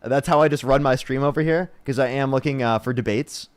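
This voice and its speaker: A man's voice: mid-range voice, brisk, clean tone. A man hosting a livestream debate show, thanking donors and pressing callers on their views. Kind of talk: casual livestream chat.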